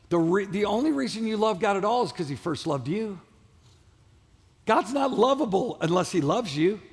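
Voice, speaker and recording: High-voiced gravelly pastor preaching in a reverberant hall. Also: male voice. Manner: preaching with call-and-response to the congregation; emphatic, repetitive, shouted peaks. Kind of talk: sermon. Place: large church auditorium. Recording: long hall reverb of a church auditorium.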